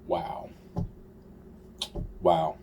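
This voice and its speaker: A man's voice: very slow, background noise. A man in a rambling monologue, swearing constantly and trailing off with exasperated sighs. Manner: trails off with repeated sighs of "wow".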